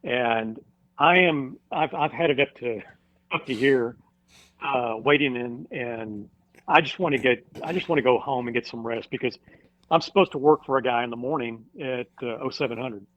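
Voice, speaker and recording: A firefighter, a guest on a podcast, telling a personal story in a casual interview, halting with many fillers and restarts. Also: male voice, medium pitch, a bit bright, dry recording. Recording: dull dry recording.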